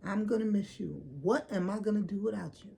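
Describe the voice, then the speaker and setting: A woman putting on the voice of a shallow female friend, all dramatic mock-concern in a high, breathy tone. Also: a little fast, dark tone. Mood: mock sorrow.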